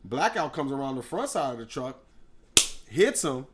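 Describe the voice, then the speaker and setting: A man, a rapper guest telling a story in an animated way, acting out other people's voices and loud sound effects. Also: medium pitch, moderate pace, noisy background.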